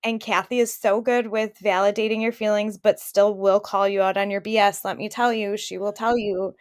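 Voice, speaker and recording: A woman's voice: mid-range voice, level tone, normal speed, darkish tone. A woman in her thirties co-hosting a podcast, telling personal stories in a candid, emotional way. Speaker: podcast co-host. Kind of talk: casual chat.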